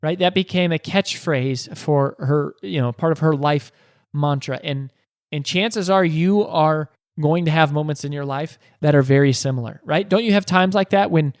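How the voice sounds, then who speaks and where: A man's voice: a little high, normal speed, no echo, studio quality. A man hosting a podcast, telling a motivational story earnestly, with frequent restarts and rhetorical questions. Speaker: podcast host.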